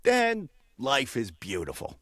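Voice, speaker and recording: A man voicing a loud, boastful male blue jay with a New England accent. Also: medium pitch, wildly swooping pitch, takes it slowly, no echo, clean studio sound, full character voice. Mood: cocky.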